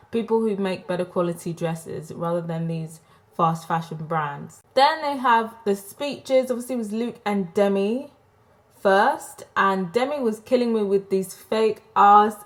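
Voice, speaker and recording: A woman giving casual, opinionated commentary as a vlogger reviewing a TV show, frank and sarcastic in a gossipy way, recorded on a desktop microphone. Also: mid-range voice. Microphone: desktop USB microphone.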